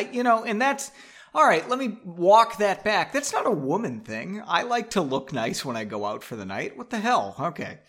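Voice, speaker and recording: A man's voice: fairly high pitch, a bit bright. A man casually reading his own book aloud, mocking his writing and swearing freely.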